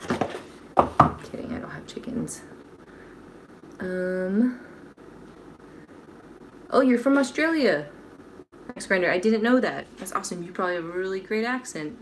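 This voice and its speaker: A woman's voice: medium pitch, lively intonation, measured pace, long pauses, a little hiss or hum, poor audio. A young woman hosting a baking livestream from her home kitchen, chatting casually, joking at her own expense and answering viewers' comments. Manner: chatty, self-deprecating, reads viewer comments aloud.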